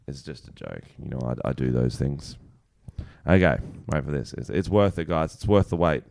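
A man's voice: extremely low pitch, expressive, moderate pace, vocal fry, darkish tone, no room sound, clean studio sound. A man, co-hosting a podcast, joking crudely and reading out news stories. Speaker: podcast co-host. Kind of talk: casual chat.

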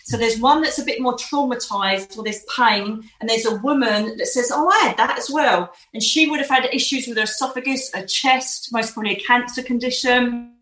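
A woman's voice: on the high side, fairly quick, hardly any pauses, a bit bright. Rambling woman medium, roomy echo. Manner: emotive, reassuring, rambling. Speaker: psychic medium. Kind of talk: live psychic reading.

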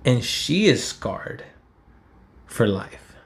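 A man's voice: mid-range voice, big pitch swings, extremely slow. A man, telling a personal story in a rambling, heated, profane way. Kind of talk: casual storytelling.

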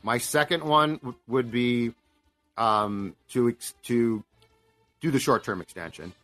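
A man's voice: medium pitch, slow pace, fairly bright tone, soft background music. Plain-spoken man co-hosting a sports show. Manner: plain-spoken, with many restarts. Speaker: co-host. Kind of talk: casual sports talk.

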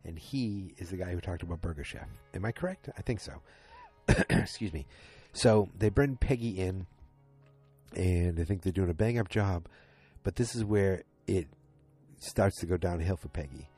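A man with a low, slightly husky voice talks through a TV episode recap in a loose, casual way. He sounds tired and rambles, often stopping to correct himself. Soft music plays faintly in the background. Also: normal speed. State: tired and yawning late at night. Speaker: podcast host recapping a TV episode.

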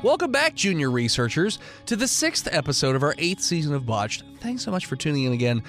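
A male game master whose voice is nasal from the flu. He hosts and narrates the game with playful banter and an animated, lively pitch, filling gaps with ums. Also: brisk, soft background music. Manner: playful banter, explains with fillers. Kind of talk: hosting and narrating a tabletop game.

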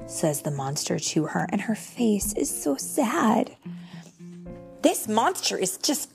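Young woman storybook reader, unhurried, animated pitch, gentle exclaims; faint music under. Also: creaky. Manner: slow, expressive, gently exclaiming. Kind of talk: reading a picture book aloud to a child.

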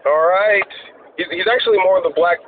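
A man's voice: high voice, normal speed, narrow, tinny audio, a little hiss or hum. A man hosting a casual podcast chat from his car, teasing and contrarian. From Nigeria. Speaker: podcast host.

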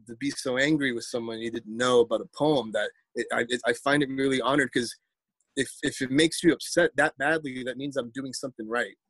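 Rambling New poet, dry sound. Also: male voice, medium pitch, fairly bright tone, breathy edge, no room sound. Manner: rambling, repeats words, acts out quotes. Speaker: poet interviewee. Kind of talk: casual storytelling interview.

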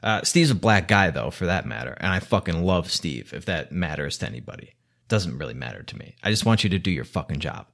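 A man's voice: deep voice, very animated, brisk, creaky, a bit bright. A man delivering an exasperated, scolding rant to the camera, swearing heavily. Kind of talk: angry rant monologue.

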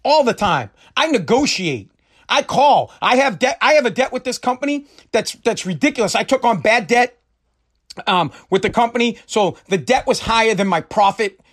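A man with a fairly high voice delivers an angry, profane rant. He repeats himself and restarts sentences as his temper builds. He sounds middle-aged and worked up. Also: expressive, normal speed, fairly bright tone.

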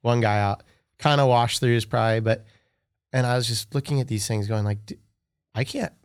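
A man hosting a podcast, telling a story with excitement in casual chat, full of "like". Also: medium pitch, a little fast, clean tone, dry recording, clean studio sound. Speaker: podcast host.

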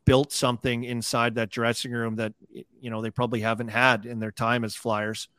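A man's voice: mid-range voice, level tone, fairly quick, a bit bright, no room sound. A man, a former hockey player, chatting casually as a podcast guest, laughing as he tells stories.

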